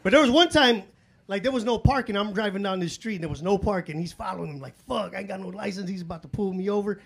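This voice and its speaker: A man's voice: high voice, fast. A man doing live stand-up, telling loose, profane stories in street slang and acting out his own and others' voices. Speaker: stand-up comedian. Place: comedy club stage. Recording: live club recording with room noise.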